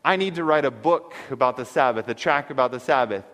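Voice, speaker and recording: A man's voice: mid-range voice, a little fast, fairly bright tone, close to an everyday voice. A man voicing an earnest, determined sea captain from the 1800s, close to his own voice, with long hall reverb. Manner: earnest, resolute.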